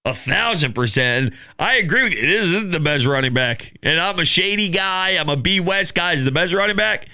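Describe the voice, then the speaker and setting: A man hosting a casual sports talk show, taking calls and rambling excitably. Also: high voice, a little fast. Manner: excitable, laughing, rambling with restarts. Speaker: sports podcast host.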